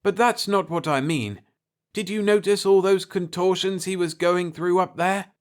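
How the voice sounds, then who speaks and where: Man reading aloud does a steady older prospector, earnest and coaxing, pitched up. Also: moderate pace, clean tone, close to an everyday voice. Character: steady older male space prospector, calm father.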